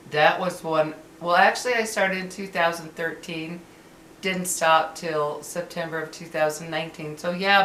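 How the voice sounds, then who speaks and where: A woman and former caregiver talking casually and animatedly about a past job, laughing as she tells it. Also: lowish voice. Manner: chatty, animated, laughs while telling. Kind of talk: casual storytelling to camera. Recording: roomy with faint ambient noise.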